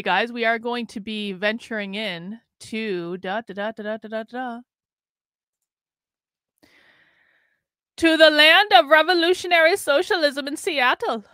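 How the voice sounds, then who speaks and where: A woman's voice: mid-range voice, bright, forceful tone, clear, resonant tone, no room sound, studio quality. A woman hosting a live-stream political commentary show, talking in an emphatic, sarcastic way and swearing freely.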